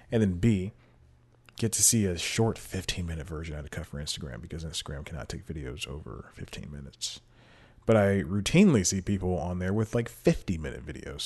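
This solo podcast host has a deep, slightly mellow voice with a breathy edge. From a home room where a TV plays in the background, he talks casually into a desk mic, rambling, making fun of himself, and often laughing between thoughts.

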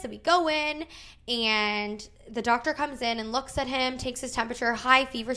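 Woman, thirties, podcast host; chatty storyteller, lots of "like", slightly high pitch. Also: fairly quick. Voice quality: frequent "like" fillers, animated retelling with quoted dialogue. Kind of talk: casual storytelling chat.

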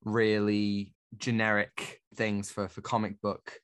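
A man's voice: on the low side, completely flat delivery, slow pace, fairly bright tone, clear, resonant tone. A man co-hosting a podcast, talking through a television series in a casual, enthusiastic review chat. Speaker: podcast co-host.

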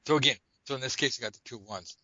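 An adult man casually demonstrating a tarot card method at a table indoors, talking in a rambling, joking way with animated asides. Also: medium pitch, quick pace, no echo, highs cut off. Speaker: tarot reader teaching a method.

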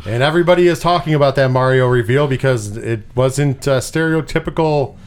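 A man hosting a casual pop-culture chat, animated and swearing freely, with lots of repeated words. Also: medium pitch, a little fast, a little hiss or hum. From US Northeast. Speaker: podcast host.

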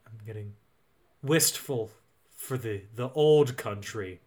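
A man co-hosting a podcast, telling a movie's plot in a jokey, animated way. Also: fairly low pitch, takes it slowly. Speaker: podcast co-host. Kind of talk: casual movie recap chat.

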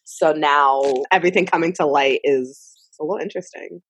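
Low-voiced sarcastic woman gossiping. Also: brisk, husky. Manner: sarcastic, blunt and swearing. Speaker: podcast co-host. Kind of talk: casual gossip chat.

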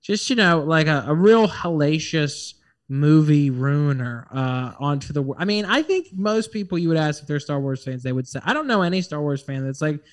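A man in casual conversation with a slightly higher than usual pitch. He talks in an animated, rambling way, full of fillers, and slips into little acted-out voices as he goes. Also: moderate pace. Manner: animated, acts out quoted voices, many fillers. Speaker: podcast co-host. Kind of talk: casual chat.

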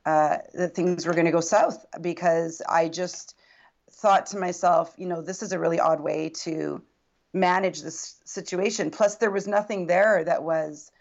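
Gravelly-voiced woman telling her story. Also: lowish voice, fairly even intonation, unhurried, highs cut off. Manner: earnest, reflective storytelling. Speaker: podcast guest. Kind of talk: personal story in casual conversation.

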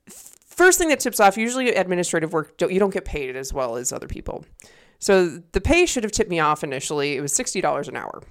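A young woman co-hosting a podcast at a desk mic, telling a story in a lower, smooth, clear voice. She talks loosely, swearing freely and laughing between lines. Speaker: podcast co-host. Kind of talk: casual chat.

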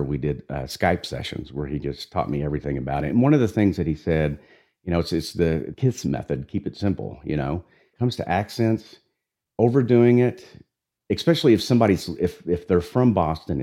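A man who narrates audiobooks, with a deep, raspy voice, chatting in an easygoing, talkative way. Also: brisk. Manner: relaxed, talkative, with restarts. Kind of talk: conversational interview.

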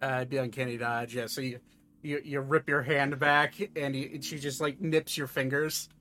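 A man narrating a tabletop role-playing game as game master, recapping events with many pauses, filler sounds and restarts. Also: mid-range voice, little pitch movement, pushed and bright.

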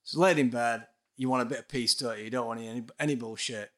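A man's voice: medium pitch, fairly even intonation, quick pace, fairly bright tone. A man, a guest musician telling a ghost story in casual podcast chat, swearing and laughing often.

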